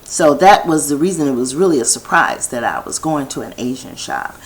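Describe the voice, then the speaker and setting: Woman vlogger, low voice that swings widely, rambling home monologue. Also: very animated, fairly quick, rough recording. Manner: meandering, restarts thoughts, chatty asides. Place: home video set.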